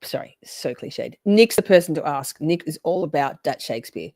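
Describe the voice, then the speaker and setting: A woman's voice: low-pitched, animated, normal speed, vocal fry, a little mellow, dry recording, clean studio sound. Woman streamer, crude joking commentary. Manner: crude, profane, joking asides. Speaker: streamer reacting to a trial livestream. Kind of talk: live reaction commentary reading chat.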